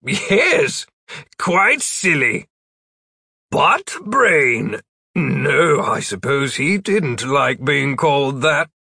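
Man doing a prim wizard, storybook, fussy, gently scolding, measured, gravelly. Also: medium pitch, big pitch swings, no room sound, clean studio sound, pitched above the performer's own voice, full character voice.

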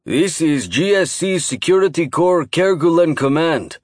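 Man putting on a gruff, booming security commander. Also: animated, a little slow, no echo, studio quality. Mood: commanding. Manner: loud, commanding, clipped. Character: gruff male security commander, barking orders.

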